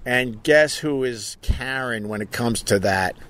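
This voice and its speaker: At a measured pace, a man with a mid-range, slightly bright voice hosts an easygoing outdoor live stream. The podcast host rambles, jokes around, and reads viewer comments out loud.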